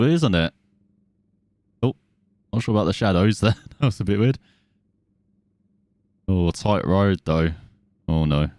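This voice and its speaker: A man's voice: low-pitched, animated, measured pace, long pauses, a little mellow, smooth, no room sound. Chatty man commenting on gameplay. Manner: chatty, self-mocking, easily distracted. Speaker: gaming video host.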